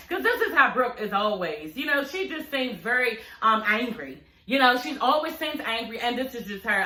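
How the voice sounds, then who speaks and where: A woman recapping a reality TV show in a sassy, profane, animated way, talking straight to her viewers. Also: on the high side, reverberant. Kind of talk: casual, profane recap chat.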